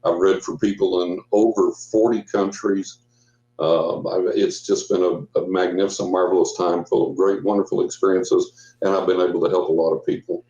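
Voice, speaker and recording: An older man with a low voice tells a story in a loose, rambling way, full of restarts. His audio sounds roomy and muffled, as if from a remote call. He speaks as a guest on a radio talk show. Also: flat delivery, moderate pace, vocal fry, mellow. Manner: rambling, with frequent restarts and quoted dialogue. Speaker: guest psychic. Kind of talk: casual storytelling interview.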